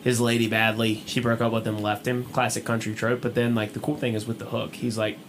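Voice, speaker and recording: A young man, co-hosting a podcast and telling a story in a casual, animated way. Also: lowish voice, slight background noise. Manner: fast, animated storytelling with acted-out quotes. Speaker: podcast co-host.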